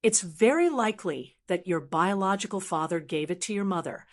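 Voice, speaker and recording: A woman's voice: mid-range voice, animated, moderate pace, lightly acted. Woman doing a bitter manipulative dad, gritted teeth, audiobook villain. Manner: gritted-teeth, pleading then menacing. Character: scheming bitter middle-aged father, sinister. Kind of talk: audiobook character reading.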